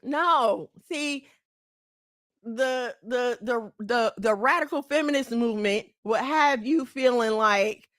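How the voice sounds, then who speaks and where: Here a high-voiced, middle-aged woman hosts a channel, preaching to women head-on in a sharp, chiding manner while laughing readily and staying animated. The recording is dry and close, almost free of room sound.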